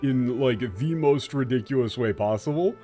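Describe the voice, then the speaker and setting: A man's voice: mid-range voice, normal speed, warm tone, faint music behind. Exasperated, swearing male game streamer. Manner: ranting, exasperated, swears often. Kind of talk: profane commentary on a game translation.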